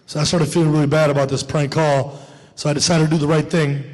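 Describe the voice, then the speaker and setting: A man performing stand-up comedy, telling a story in an animated way and acting out the dialogue. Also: a little high, quick pace, big-room sound.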